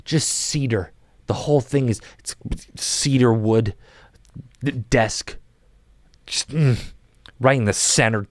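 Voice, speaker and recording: A young man on a podcast, talking a listener through a comic mock guided meditation in a soft, drawn-out, playful way, often restarting his sentences. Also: mid-range voice, no room sound. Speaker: podcast guest.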